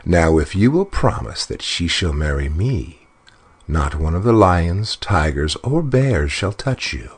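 A man's voice: low-pitched, very animated, measured pace, breathy edge, heavily acted. A man reading a fairy tale aloud and voicing a smug, greedy little male dwarf with a sly, disdainful manner. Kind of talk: storybook narration.

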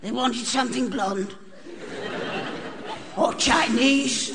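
A man performing a stand-up set in a strained, unusually high voice and a deadpan, grotesque absurdist delivery, recorded live on stage. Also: measured pace, creaky, pauses often, very noisy. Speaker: stand-up comedian. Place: comedy club stage with a live audience. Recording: archive broadcast of a live show with hall reverb and audience laughter.

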